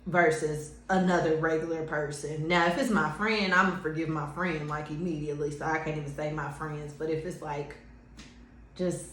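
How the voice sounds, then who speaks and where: A woman's voice: low-pitched, steady tone, normal speed, fairly bright tone. A woman hosting a podcast in casual chat, blunt and profane, laughing easily as she talks. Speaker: podcast host. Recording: echoey room with faint background noise.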